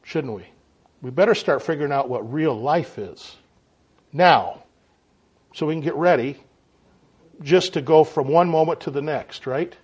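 A man preaching a sermon in a folksy, animated way, often checking in with his listeners. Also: on the high side, husky. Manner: folksy, animated, frequent "right?" and "okay?" to the audience. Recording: dull lo-fi sound.

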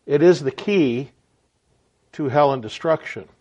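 A man's voice: on the high side, unhurried, darkish tone. A man giving a reflective spoken sermon message in an earnest way, with frequent stammered restarts. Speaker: preacher.

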